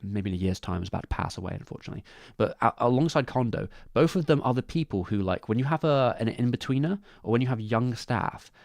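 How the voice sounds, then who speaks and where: Man, casual live-stream commentator, rambling with restarts, mid pitch, dry close sound. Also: animated, fast, creaky, a little mellow, no room sound. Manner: rambling, many restarts and asides. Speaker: streamer discussing animation credits.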